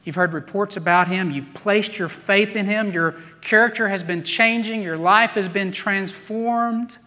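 Man preaching, slow measured delivery, bright tone, long hall reverb. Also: high voice. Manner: storytelling with playful acted-out voices. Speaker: pastor. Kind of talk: sermon.

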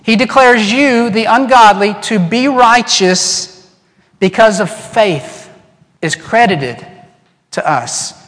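Animated male preacher in a reverberant hall. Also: sits high, slow pace. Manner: animated preaching, acts out quoted voices, drops to soft earnest tones. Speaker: pastor. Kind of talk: sermon. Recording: long reverb in a large hall.

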